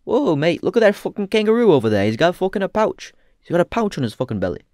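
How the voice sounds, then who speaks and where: A man's voice: high voice, very animated, fast, a little mellow, no echo, studio quality, pitched above the performer's own voice. A man putting on a crude, profane stereotyped Australian bloke in a mock Australian accent. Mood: rowdy. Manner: profane, exaggerated.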